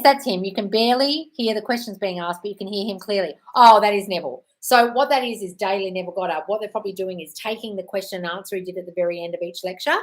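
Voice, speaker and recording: A woman's voice: mid-range voice, low-quality recording. Breezy woman answering live questions. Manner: breezy and chatty, calls everyone darling. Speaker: host. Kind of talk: live stream Q&A, reading viewer questions aloud.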